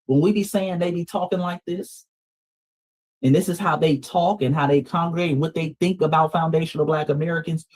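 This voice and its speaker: Host, male, Georgia Southern accent, husky, emphatic, punchy repeats to viewers. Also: on the high side, steady tone, a little fast, darkish tone, low-quality recording. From Atlanta, Georgia, US. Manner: emphatic, repeats lines, calls out to the audience. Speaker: host of a commentary stream. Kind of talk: livestream commentary on clips.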